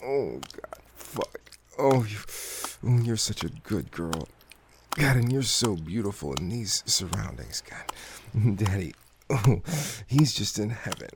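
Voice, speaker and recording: A man doing intimate audio role-play, murmuring softly with frequent hums and sighs. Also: on the low side, very animated, unhurried, gravelly, noisy background.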